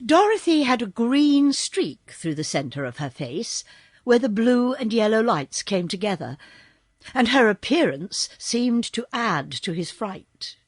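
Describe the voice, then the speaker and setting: A woman reading a children's storybook aloud as audiobook narrator, slow and expressive. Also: fairly high pitch, slightly rough, no room sound, clean studio sound. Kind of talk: scripted narration.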